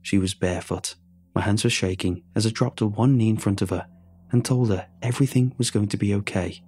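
A man with a lowish voice narrates a scripted horror story. He reads in a measured, somber way. A faint hum sits under his voice. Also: darkish tone.

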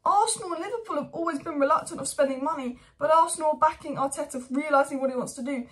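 Young woman with a high voice going off about her team, fed up, loads of rhetorical questions. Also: a bit bright. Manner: exasperated, ranting, rapid rhetorical questions. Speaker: football channel host. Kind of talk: opinionated fan commentary vlog.

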